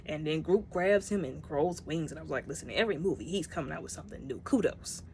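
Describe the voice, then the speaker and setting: A woman's voice: deep voice, expressive, quick pace, warm tone, slight background noise. A woman giving a casual spoken movie review, retelling scenes and acting out the characters' lines.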